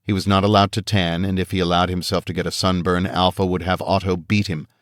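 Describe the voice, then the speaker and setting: A man narrating an audiobook in a steady, measured reading style on a close studio mic. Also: sits low, no echo. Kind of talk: scripted narration.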